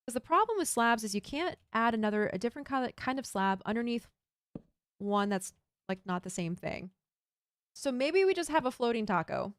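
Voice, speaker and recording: A woman's voice: on the high side, sing-song, moderate pace, no room sound, clean studio sound. A woman streaming a building game, chatting casually and thinking aloud while she builds and reads chat. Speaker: Minecraft streamer.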